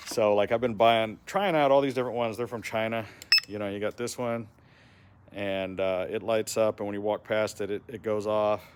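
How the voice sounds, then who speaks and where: Chatty excitable man, noisy camera audio. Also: on the low side, normal speed. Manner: chatty, excitable, laughs often. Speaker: vlogger. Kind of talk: casual walk-around vlog. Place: trailer and workshop yard.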